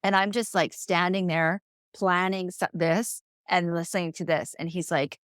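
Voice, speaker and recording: Woman, low voice, dry close sound; podcast guest telling her story, earnest and heartfelt, restarts a lot. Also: little pitch movement, moderate pace, clean tone, no echo. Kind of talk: casual personal storytelling.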